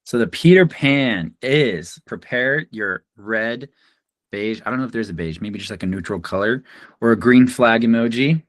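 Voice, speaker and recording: A man hosting a casual panel chat over a video call, briskly moving the group through the list. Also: medium pitch, animated, dry recording. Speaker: podcast host.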